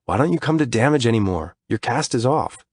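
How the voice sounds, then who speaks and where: A man's voice: medium pitch, expressive, brisk, slightly rough, no room sound, pitched above the performer's own voice. A man voicing a persistent young male friend who keeps pressing with questions. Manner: probing, insistent questions.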